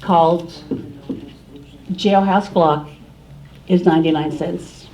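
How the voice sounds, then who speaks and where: Woman author kinda scattered, fixing herself mid sentence, lowish voice, far from the mic. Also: fairly even intonation, takes it slowly, dark tone. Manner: scattered, self-correcting. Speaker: author speaking at a library forum. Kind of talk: casual talk to an audience. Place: library meeting room. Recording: distant room recording with faint hiss.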